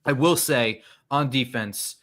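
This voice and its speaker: A man co-hosting a sports podcast, speaking in a measured, easygoing way. His voice is bright and clear, mid-pitched. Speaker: podcast co-host. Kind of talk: casual sports chat.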